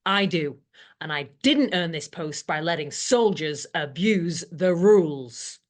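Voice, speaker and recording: A woman voicing an officious space-ship deck boss who loves her rank. Her voice sits fairly low but swoops widely as she barks orders. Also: expressive, takes it slowly. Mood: bossy. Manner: commanding, officious. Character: bossy female deck sergeant, smug and strict. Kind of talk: audio comedy acting.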